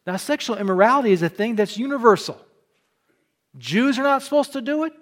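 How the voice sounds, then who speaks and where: Middle-aged preacher guy from illinois, fairly high voice, jokey storytelling sermon, trips over his words a lot. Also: fairly quick. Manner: folksy, joking, animated storytelling with repeated restarts. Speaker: pastor. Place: church.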